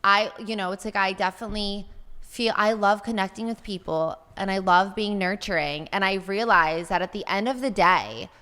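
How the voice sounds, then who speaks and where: A woman's voice: mid-range voice, moderate pace, sharp tone, clear, resonant tone. Chatty woman in an echoey room. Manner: chatty, rambling, many fillers. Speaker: podcast guest. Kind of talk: casual chat. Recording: room with long reverb.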